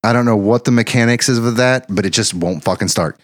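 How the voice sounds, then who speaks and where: Brief: male musician telling road anecdotes, profane and animated, dry sound. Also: medium pitch, brisk, no echo. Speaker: band member telling tour stories. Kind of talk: casual storytelling chat.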